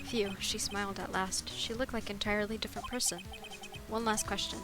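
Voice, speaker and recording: A woman's voice: medium pitch, fairly even intonation, brisk, music in the background, natural voice. A woman reading the lines of a determined young male defense lawyer in a game, earnest and reassuring.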